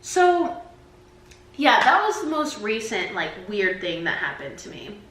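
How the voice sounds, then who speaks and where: Vlogging to camera, a twenty-something woman chats her way through casual stories, peppering them with "like." Her mid-range voice is sing-song, unhurried and a bit bright. It's a rough camera-mic recording made in an echoey room.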